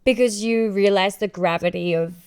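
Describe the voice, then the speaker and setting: A woman co-hosting a podcast in casual chat, brisk and teasing as she steers the segments. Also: mid-range voice, a little mellow, clear, resonant tone. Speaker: podcast co-host.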